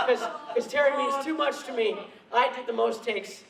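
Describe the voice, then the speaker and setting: A man's voice: extremely high pitch, vocal fry, far from the mic. A man speaking on stage at a convention, telling laughing, self-mocking anecdotes into a handheld mic, recorded in an echoey hall from afar. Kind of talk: storytelling convention talk.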